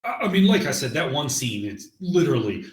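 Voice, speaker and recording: A man's voice: mid-range voice, sing-song, brisk, roomy sound. A man co-hosting a movie podcast, easygoing and joking in casual chat. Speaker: podcast co-host.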